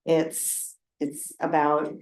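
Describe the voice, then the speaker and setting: Frank, low-voiced woman council leader. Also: completely flat delivery, very slow, distant mic. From Oregon. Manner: candid, chatty, frank, with laughs and filler words. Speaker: regional council president. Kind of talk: informal remarks at a council work session. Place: city council meeting room. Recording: roomy meeting room with faint noise.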